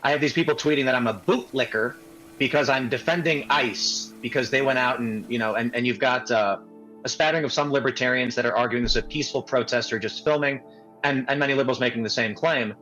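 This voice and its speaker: A man calmly explaining his position as a guest, with some hesitations. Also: mid-range voice, fast talker, soft background music, poor audio. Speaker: guest on a debate show. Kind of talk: explaining his view on a show.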